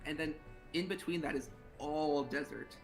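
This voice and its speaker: A man's voice: on the high side, normal speed, faint music behind, rough recording. A teenage young man from Nevada, answering interview questions earnestly and hesitantly, with lots of fillers. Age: teens. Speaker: interview guest, student officer.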